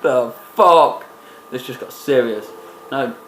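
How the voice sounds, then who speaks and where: A man's voice: medium pitch, takes it slowly, a bit bright, echoey room, slight background noise. A young man making a prank phone call, taunting and swearing freely in a brash way. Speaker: prank caller.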